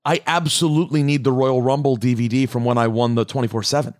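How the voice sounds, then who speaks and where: A man's voice: medium pitch, quick pace, no echo, clean studio sound. A man co-hosting a podcast, telling a funny story in casual chat and acting out what others said. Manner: animated storyteller, acts out quotes. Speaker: podcast co-host.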